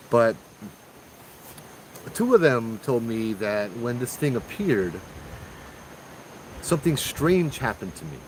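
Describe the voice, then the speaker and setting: A man's voice: mid-range voice, big pitch swings, slow, pauses often, slight background noise, rough recording. A man with a Hawaiian accent hosting a show, telling ghost stories in a laid-back, slangy way. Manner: laid-back, slangy, calls listeners bro. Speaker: host. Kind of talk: casual ghost storytelling.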